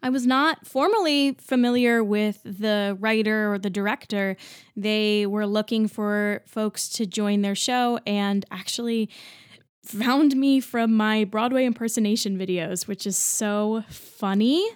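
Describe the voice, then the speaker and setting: A woman's voice: mid-range voice, steady tone, measured pace, clear, resonant tone, dry recording, clean studio sound. A woman in her twenties, a musical theater actor, hosting a solo podcast in an upbeat, chatty and enthusiastic way. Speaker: podcast host.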